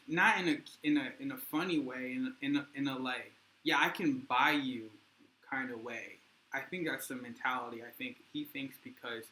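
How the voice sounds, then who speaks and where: A young man talks loosely and rambles, as if thinking out loud on his vlog. His voice has a bright, forceful edge. It bounces around an echoey room. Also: medium pitch. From United States. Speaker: vlogger. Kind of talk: casual vlog commentary. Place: indoors in Russia.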